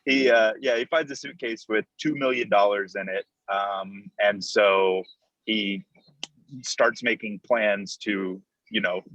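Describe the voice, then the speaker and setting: Low-voiced Texan man on a muffled line. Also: a bit bright, no echo. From Texas. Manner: hesitant, rambling with fillers. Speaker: podcast guest. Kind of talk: casual podcast chat.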